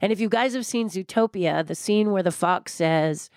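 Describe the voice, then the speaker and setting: An older woman being interviewed, talking in a passionate, blunt and animated way. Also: medium pitch, normal speed, dry recording, studio quality. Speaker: guest, former theme park designer. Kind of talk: candid interview conversation.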